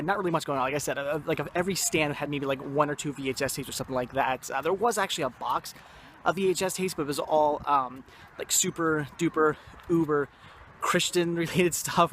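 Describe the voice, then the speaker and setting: A man's voice: fairly high pitch, fairly bright tone, a little hiss or hum. A young man hosting a casual vlog outdoors at a yard sale, enthusiastic and rambling, often correcting himself. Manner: enthusiastic, repeats "very cool" and "awesome". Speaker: vlog host.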